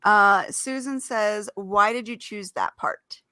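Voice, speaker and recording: A woman's voice: medium pitch, slow, sharp tone, dry recording, clean studio sound. A woman hosting an author interview show, asking questions and giving praise. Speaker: show host. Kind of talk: casual video call interview.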